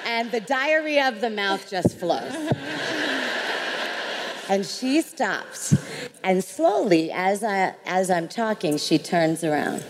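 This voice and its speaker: A middle-aged woman telling a story on a live panel, animated and laughing, acting out what people said. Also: medium pitch, a little slow, a little hiss or hum. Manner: animated, laughing, acts out quotes. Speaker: panel speaker. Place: large hall with audience. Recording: hall reverb, faint ambience.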